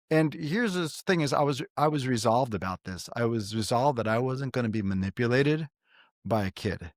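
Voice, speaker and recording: A middle-aged man from New York hosting a casual faith podcast, telling stories in an animated way and often repeating himself. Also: mid-range voice, moderate pace, no room sound, clean studio sound. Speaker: podcast host.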